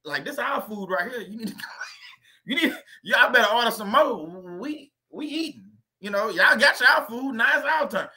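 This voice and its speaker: A man's voice: very high-pitched, animated, moderate pace, sharp tone, voice pushed up, exaggerated voice. A man doing a sassy talking house cockroach. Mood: territorial. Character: cocky territorial male house cockroach.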